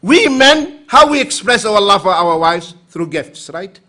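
Male lecturer from the Emirates, high, bright and lively delivery, acts out characters in anecdotes. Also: measured pace. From United Arab Emirates. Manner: animated storyteller, acts out quoted voices for humor. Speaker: Islamic lecturer. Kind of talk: conference lecture with acted anecdotes.

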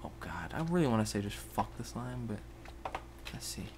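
A man giving rambling Let's Play commentary at his computer, jumping between loud outbursts and muttered whispers. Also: lowish voice, lively intonation, moderate pace, background noise. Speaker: gaming YouTuber. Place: at a computer, indoors.

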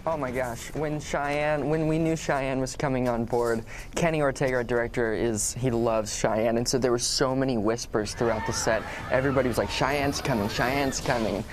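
A man's voice: medium pitch, steady tone, moderate pace, hardly any pauses. A man being interviewed about his acting work, answering in an easygoing, chatty way and laughing often. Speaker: actor guest.

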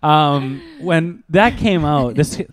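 A man co-hosting a casual hockey podcast, animated and quick to laugh, often acting out what players might say. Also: a little high. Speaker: podcast co-host. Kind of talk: casual sports chat.

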